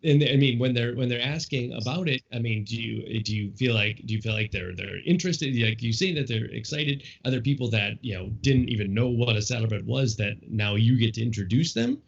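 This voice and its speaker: A man hosting a casual podcast interview, asking rambling, halting questions full of fillers. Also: medium pitch, creaky, husky. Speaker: podcast host. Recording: dull lo-fi podcast audio.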